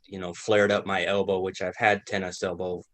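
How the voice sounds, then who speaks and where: A man's voice: low-pitched, little pitch movement, moderate pace, fairly bright tone. A man talking as a podcast guest, telling his stories in an easygoing, self-deprecating way. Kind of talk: casual chat.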